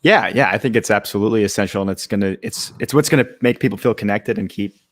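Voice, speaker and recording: A man's voice: fairly low pitch, fast talker, dry recording, studio quality. A young man, a startup co-founder, talking casually on a live stream with lots of fillers and restarts. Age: young adult. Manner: relaxed, many fillers and restarts.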